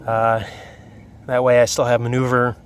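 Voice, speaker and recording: A man's voice: medium pitch, completely flat delivery, normal speed, a little hiss or hum. A man filming a casual how-to walkthrough outdoors next to his motorcycle on his phone, a little out of breath from the heat and talking with many fillers. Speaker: motorcycle vlogger. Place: outdoors beside a motorcycle in hot weather. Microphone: phone camera.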